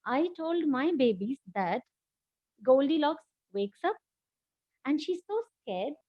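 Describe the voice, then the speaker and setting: A middle-aged woman with an Indian English accent, a former teacher reading a children's story aloud in an expressive, animated way over a video call. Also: sits high, slow pace, no room sound. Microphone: laptop mic on video call. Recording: dull, dry video call audio.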